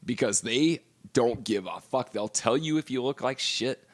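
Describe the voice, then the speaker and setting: A man's voice: mid-range voice, normal speed. A middle-aged man co-hosting a podcast, telling long profane stories in casual chat. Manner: profane storytelling. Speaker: podcast co-host.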